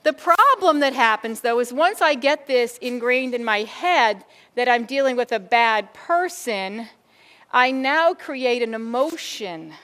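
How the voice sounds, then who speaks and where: Middle-aged female keynote speaker, animated, talks straight to a room of educators. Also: a little high, a little slow. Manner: animated, addresses audience as folks, acts out quoted thoughts. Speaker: school behavior consultant and keynote speaker.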